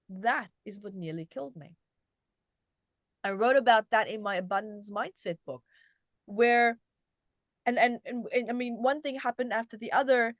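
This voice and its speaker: A woman's voice: a little high, no echo, clean studio sound. Middle-aged woman telling her story animatedly. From South Africa. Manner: animated, with frequent restarts. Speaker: guest, self-help author. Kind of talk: conversational storytelling.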